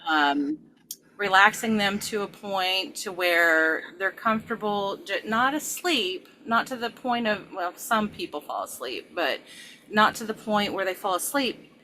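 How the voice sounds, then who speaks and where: A woman's voice: mid-range voice, expressive, a little slow, sharp tone, slight background noise, poor audio. A middle-aged woman, a regression therapist, talking casually with many fillers and restarts. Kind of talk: casual conversation.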